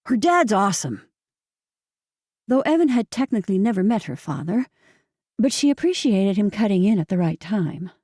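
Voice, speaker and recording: A woman narrating an audiobook in a measured, steady storytelling manner, recorded close on a studio mic. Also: mid-range voice, dry recording.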